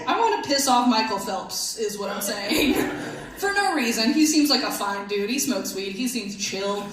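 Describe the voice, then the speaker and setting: A young woman in her twenties doing a stand-up comedy set on a club stage into a handheld mic, chatty and self-deprecating with a deadpan edge. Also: fairly high pitch. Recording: echoey club room, faint hum.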